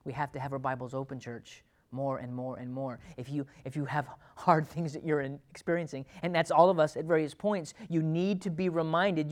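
A man's voice: on the high side, fairly even intonation, a little fast, few pauses. Male pastor preaching with dynamic swings. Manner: dynamic preaching, swings from loud emphatic to hushed. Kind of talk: sermon.

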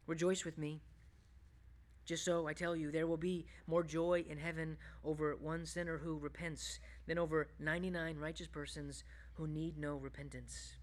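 A man preaching a sermon as a pastor, shifting between loud, emphatic bursts and hushed, low passages. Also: flat delivery, moderate pace.

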